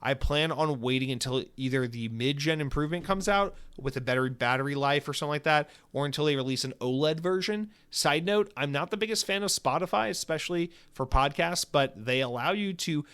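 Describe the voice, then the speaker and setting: Animated, sarcastic male podcast host. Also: fairly high pitch, fairly quick, hardly any pauses, clean tone. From United States. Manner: animated, profane and sarcastic, with frequent filler words. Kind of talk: casual solo podcast talk.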